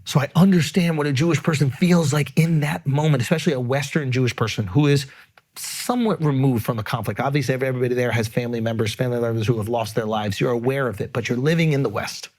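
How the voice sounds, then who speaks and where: A man's voice: medium pitch, fast talker, a little mellow. A man hosting a podcast, talking in an earnest, emphatic way with frequent swearing. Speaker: podcast host. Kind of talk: casual podcast chat.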